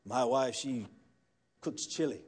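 A male preacher, delivering a church sermon as a folksy storyteller who swings from quiet murmurs to loud, fired-up preaching. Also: medium pitch, takes it slowly, husky. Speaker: guest pastor. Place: church sanctuary.

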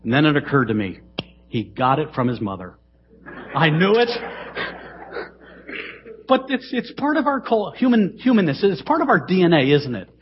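A middle-aged man preaching a sermon in a church, dramatic, swinging between loud emphasis and hushed asides. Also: on the high side, very animated, moderate pace, long pauses. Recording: dull, lo-fi sermon recording.

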